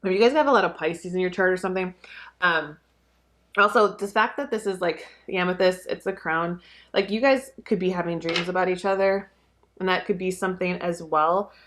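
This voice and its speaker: A woman's voice: fairly low pitch, brisk, a bit bright. Chatty young woman reading tarot cards. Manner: rambling, chatty, swears casually, many "like" fillers. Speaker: tarot reader. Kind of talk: casual intuitive card reading.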